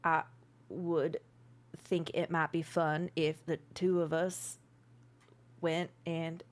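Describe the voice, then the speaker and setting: A bashful, nearly blind old man who fusses to be helpful, voiced a little low, as a woman plays him in a tabletop game. He sounds embarrassed and eager to please. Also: level tone, slow. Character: shy old male helper with cloudy eyes.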